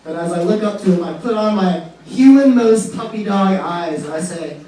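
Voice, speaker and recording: A man's voice: high-pitched, moderate pace, hardly any pauses, heavy reverb, far from the mic, a little hiss or hum, low-quality recording. A man telling a stand-up story, acting out the voices of the people in it. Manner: animated, acts out quotes. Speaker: stand-up comic.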